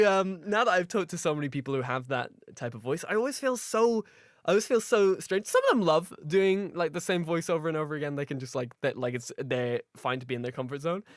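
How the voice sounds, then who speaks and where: A man co-hosting a casual podcast, giggly and animated, with a lighter voice than most men. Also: fairly high pitch, brisk, no echo, clean studio sound. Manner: giggly, animated, full of restarts. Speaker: podcast co-host. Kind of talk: casual chat.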